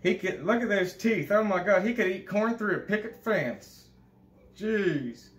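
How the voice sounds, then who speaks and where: A man's voice: high voice, animated, measured pace. A man doing a comedic impression of a crude, boastful older state governor, rambling and swearing. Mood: ranting. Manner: rambling, profane and bragging. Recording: echoey room.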